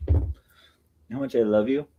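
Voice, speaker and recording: A man's voice: mid-range voice, steady tone, fairly quick, dull audio, a little hiss or hum. A man hosting a livestream, cooing affectionate baby talk to his cats between remarks to the chat. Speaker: livestream host.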